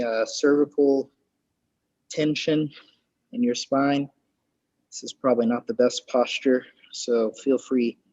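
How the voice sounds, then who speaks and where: Guy leading a yoga class, husky voice, flat and steady, calm slow cues. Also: medium pitch, no room sound, lo-fi sound. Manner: calm, slow guiding cues with soft spiritual phrasing. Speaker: yoga instructor. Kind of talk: guided yoga class instruction.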